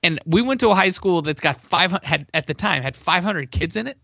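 Gravelly, bright-voiced man telling a story. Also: high-pitched, brisk, dry recording. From New England. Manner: rambling, animated storyteller. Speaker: podcast co-host. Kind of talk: casual storytelling chat. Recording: dull lo-fi sound.

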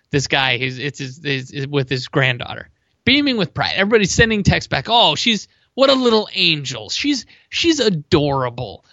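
A man from Massachusetts co-hosting a sports show, telling rambling, animated stories in casual chat. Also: a little high, dry recording, lo-fi sound. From Massachusetts, USA.

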